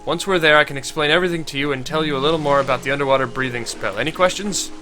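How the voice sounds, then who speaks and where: A man's voice: a little high, very fast, music in the background, close to an everyday voice. A man with a stuffy cold reading aloud as a stern female water wizard in a game. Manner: stern, threatening.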